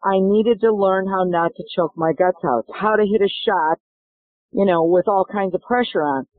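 A woman's voice: medium pitch, moderate pace, no echo. Middle-aged woman telling golf stories, acts out all the voices, thin phone-ish sound, dry. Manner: animated, acts out dialogue in stories. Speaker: golf instructor guest. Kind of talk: interview storytelling. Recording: dry tinny phone-like line.

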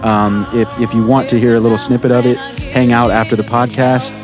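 A man's voice: medium pitch, little pitch movement, fairly quick, music in the background. A man co-hosting a casual podcast, rambling with many fillers and restarts. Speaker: podcast co-host.

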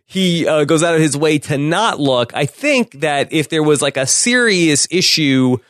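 A man co-hosting a podcast, casually retelling a sitcom episode scene by scene with quick laughs. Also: a little high, lively intonation, a bit bright, no room sound, clean studio sound. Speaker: podcast co-host.

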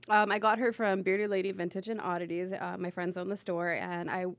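Fast-talking woman telling ghost stories. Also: lowish voice, little pitch movement, no echo. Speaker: guest, psychic ghost hunter. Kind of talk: casual chat.

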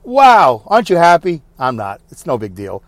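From his parked car, a man hosts a casual solo podcast, chatting and rambling while teasing himself. His mid-range voice has a sing-song quality and a brisk pace.

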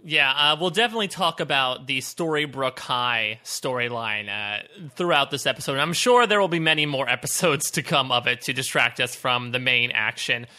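A man's voice: medium pitch, normal speed, few pauses. A man co-hosting a TV recap podcast in casual, joking chat. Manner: animated, joking, laughs often. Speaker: podcast co-host.

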